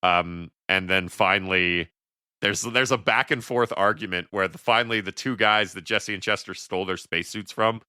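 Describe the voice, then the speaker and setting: A man's voice: deep voice, normal speed, pushed and bright, clear, resonant tone, no echo, clean studio sound. A man in his thirties co-hosting a podcast, rambling casually about a movie and breaking into quoted lines. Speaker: podcast co-host.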